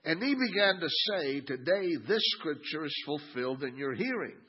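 A man preaching a sermon and reading scripture aloud, acting out the crowd's sneering lines with lively emphasis. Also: fairly high pitch, normal speed, breathy edge, muffled recording. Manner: animated, mimics the crowd's sneering tone. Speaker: pastor.

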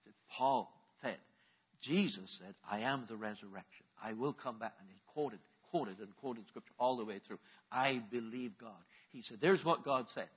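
A man preaching a sermon, moving from quiet questions to loud, impassioned calls for the congregation to respond. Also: medium pitch, normal speed, slightly rough, muffled recording.

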